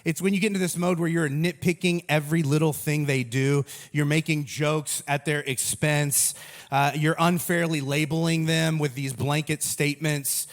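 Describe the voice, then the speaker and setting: A man in his thirties giving a humorous sermon as a pastor, telling stories in an animated, self-mocking way. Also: a little high, moderate pace.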